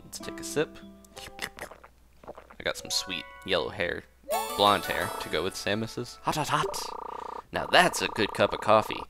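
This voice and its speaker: Low-voiced man narrating his gameplay. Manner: easygoing, rambling, chuckles often; reads game dialogue aloud in playful voices. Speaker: game commentator. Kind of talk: casual gameplay commentary. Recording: game music playing under voice. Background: game music.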